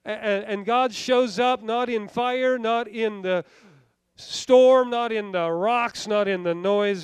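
Male pastor, high clear voice, fervent sermon with repeats, dry close sound. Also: slow pace, dry recording. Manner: fervent, self-deprecating preaching with repeated phrases.

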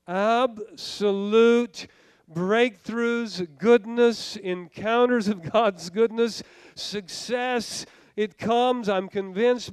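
A man's voice: very high voice, clean tone, dry recording. A man preaching a sermon as a pastor, fervent and self-deprecating, with many repeated phrases.

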